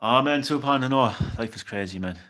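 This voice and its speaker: A man's voice: medium pitch, fairly quick, fairly bright tone. A young man streaming games live, chatting casually and reassuringly with a viewer, peppering his talk with "man" and tripping over repeated words. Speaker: game streamer.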